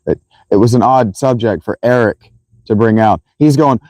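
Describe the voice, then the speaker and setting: A man hosting a casual livestream, telling a rambling, profane, animated story to his viewers. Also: medium pitch, moderate pace, dry recording, rough recording. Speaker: livestream host.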